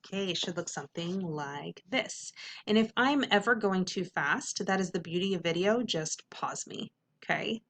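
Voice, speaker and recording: A woman's voice: lowish voice, expressive, normal speed, a bit bright. Upbeat woman teacher sounding out syllables. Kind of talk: phonics lesson to students.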